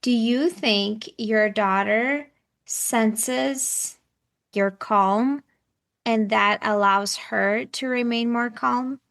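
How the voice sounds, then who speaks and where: A woman's voice: fairly high pitch, very slow, creaky, fairly bright tone. A woman parenting coach who hosts the show, speaking in an affirming, encouraging way. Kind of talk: coaching conversation.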